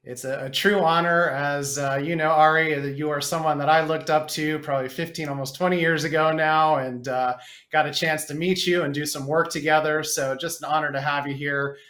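A man's voice: fairly high pitch, steady tone, fairly quick, a bit bright, echoey room. A man hosting an interview podcast, introducing his guest earnestly with some fillers. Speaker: podcast host.

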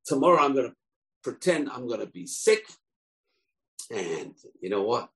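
A man's voice: medium pitch, sing-song, normal speed, fairly bright tone, rough recording. A man voicing a scheming donkey that plans to fake sickness. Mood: sly. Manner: sly, plotting. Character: scheming lazy male donkey.

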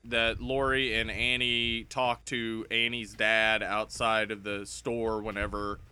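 A man's voice: on the low side, level tone, pushed and bright, smooth. A man co-hosting a podcast, bantering and joking in casual chat about movies. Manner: jokey, banter-driven, quick asides. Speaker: podcast co-host.

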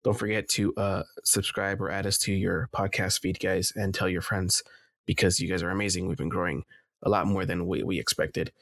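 A man's voice: low voice, little pitch movement, normal speed, gravelly, fairly bright tone, dry recording, clean studio sound. A man hosting a casual gaming podcast, joking and rambling with restarts. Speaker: podcast host and editor. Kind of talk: casual chat.

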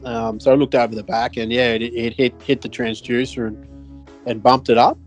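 A man's voice: mid-range voice, little pitch movement, moderate pace, faint music behind. A man with an Australian accent, co-hosting a podcast and telling a fishing story in casual chat, rambling and swearing with lots of fillers and restarts. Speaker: podcast co-host.

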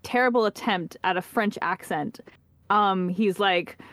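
A woman co-hosting a podcast, telling an animated story in casual chat and acting out what people said. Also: mid-range voice, measured pace, no room sound. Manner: animated storyteller, acts out quotes. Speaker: podcast co-host.

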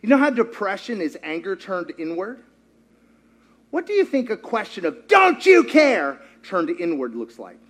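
Lively high-voiced male preacher. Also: normal speed. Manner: animated, quizzes the congregation and acts out quotes. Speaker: pastor. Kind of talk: sermon.

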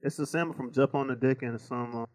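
A man's voice: medium pitch, steady tone, fast. A young man co-hosting a podcast in casual chat, laid-back, with profane slang. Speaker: podcast co-host.

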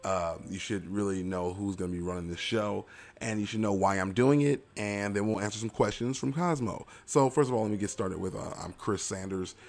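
Young male podcast host with a lowish, gravelly voice. Rambling, self-deprecating and playful. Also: a little fast, darkish tone. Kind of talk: casual solo podcast chat.

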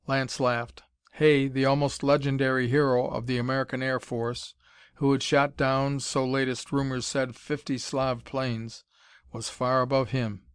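A man's voice: mid-range voice, steady tone, a little slow, clear, resonant tone, no room sound, clean studio sound. Man reading a story steadily. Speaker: audiobook narrator. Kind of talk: scripted narration.

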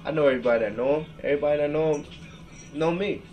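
A man's voice: a little high, rapid-fire, muffled recording, faint music behind. A man in his thirties from Seattle hosting a podcast, ranting with heavy profanity, rambling and reading his text messages aloud. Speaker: podcast host. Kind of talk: emotional rant.

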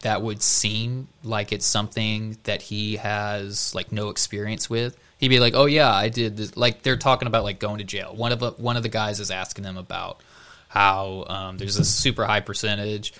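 Man, podcast co-host, chatty storyteller, bright tone, acts out quotes. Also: fairly low pitch, flat delivery, normal speed. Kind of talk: casual chat.

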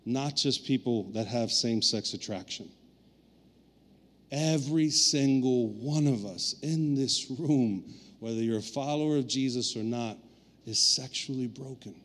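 Pastor in a reverberant hall, storytelling. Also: male voice, mid-range voice, measured pace, fairly bright tone. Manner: storytelling with playful acted-out asides. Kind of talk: sermon.

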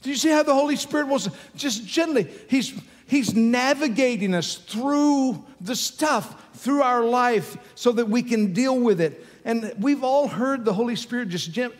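A man's voice: very high voice, animated, unhurried, hardly any pauses. A man preaching a sermon in a conversational way, repeating his key phrases for emphasis. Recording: long hall reverb with faint music.

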